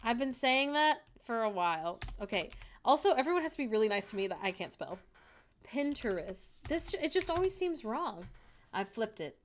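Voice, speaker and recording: A woman's voice: fairly high pitch, sing-song, fairly quick, slight background noise. A young woman chatting casually on a livestream from home, joking and laughing often at herself. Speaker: streamer. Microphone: desk microphone.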